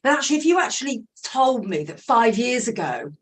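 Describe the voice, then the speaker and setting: A woman's voice: fairly high pitch, sing-song, brisk. A woman, an author chatting casually on a group call, full of fillers and friendly agreement. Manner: chatty, with many fillers, repeats "it's true, isn't it?". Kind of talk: casual chat.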